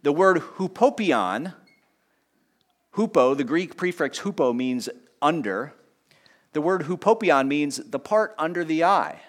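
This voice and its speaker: A man preaching a sermon in a lively teaching tone, with conversational asides and small jokes. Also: measured pace. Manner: lively teaching tone, pitch rising on key points and dropping low on asides. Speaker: pastor.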